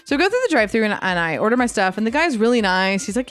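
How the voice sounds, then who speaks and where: A woman's voice: fairly high pitch, very fast, faint music behind. A woman co-hosting a podcast, telling a story in a casual rant, swearing freely and acting out the other people's lines. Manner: animated storyteller, swears freely, acts out quotes. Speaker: podcast co-host. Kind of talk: casual chat, ranting.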